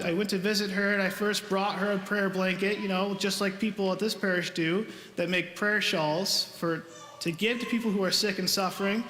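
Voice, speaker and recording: A man's voice: high voice, sharp tone, slight background noise. A man preaching a homily as a priest, speaking in an earnest, conversational storytelling manner. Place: large church. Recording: echoey church with long reverb.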